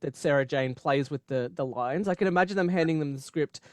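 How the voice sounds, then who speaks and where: A podcast co-host in casual chat, with a middle pitch and a dry, close sound. The co-host keeps laughing and acts out scenes in quick put-on voices. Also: darkish tone, no echo.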